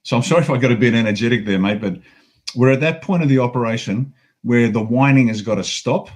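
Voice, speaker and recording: A man's voice: medium pitch, fast talker. Fired-up Australian man ranting. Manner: angry, profane, emphatic. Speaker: guest. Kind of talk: heated political rant.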